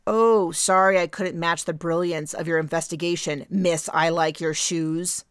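A woman's voice: lowish voice, steady tone, unhurried, clear, resonant tone, no room sound, natural voice. A woman voicing a young woman roommate who talks in a dry, teasing way.

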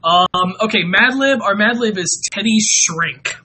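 A man's voice: high voice, unhurried, bright, forceful tone, breathy edge, rough recording. A man hosting a casual live stream, chatting with viewers and reading out Mad Libs, giggling and stammering often.

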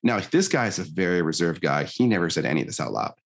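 A man's voice: low-pitched, fast, vocal fry. A middle-aged man, a life coach, telling stories on a podcast and acting out the dialogue in them. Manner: animated storyteller, acts out quoted dialogue. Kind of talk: conversational podcast interview.

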